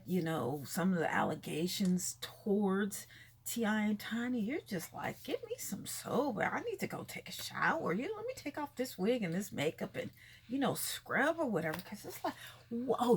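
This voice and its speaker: A woman's voice: on the high side, husky. A woman vlogging her blunt, exasperated commentary on celebrity gossip, repeating herself as she talks.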